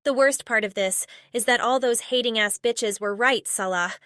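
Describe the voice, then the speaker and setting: A woman's voice: on the high side, moderate pace, fairly bright tone, clean tone, no echo. Sarcastic woman co-host, dry close mic. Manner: sarcastic, biting, mock-dramatic. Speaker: commentary co-host. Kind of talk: casual reaction commentary.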